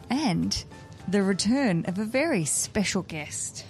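Cheeky, brisk woman hosting a podcast. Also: mid-range voice, expressive, darkish tone, soft background music. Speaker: podcast host. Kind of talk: casual podcast chat. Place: on a stationary train.

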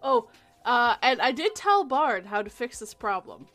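A woman chatting casually on a stream, wry and relaxed. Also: a little high, measured pace, faint music behind. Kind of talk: casual group chat.

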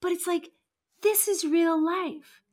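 A woman's voice: very high voice, steady tone, slow, darkish tone. A middle-aged woman with a frank, blunt manner, hosting a casual relationship advice chat. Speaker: podcast host and relationship coach.

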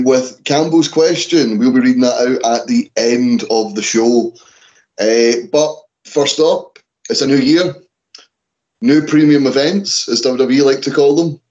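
A man's voice: medium pitch, darkish tone. A man hosting a wrestling podcast in casual chat, with a dry, self-deprecating manner. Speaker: podcast host. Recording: dull lo-fi sound.

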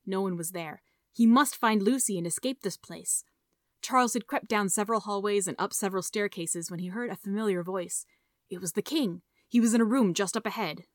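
A woman reading a story aloud in a steady, measured narration. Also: medium pitch, no echo, clean studio sound. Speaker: audiobook reader.

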